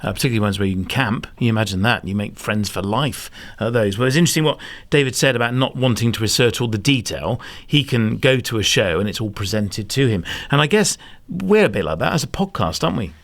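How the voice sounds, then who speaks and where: A man's voice: fairly low pitch, animated, quick pace, few pauses, fairly bright tone. A man hosting a podcast, interviewing visitors at a busy exhibition hall and laughing easily. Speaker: podcast host and show interviewer. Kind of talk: casual interview at a trade show.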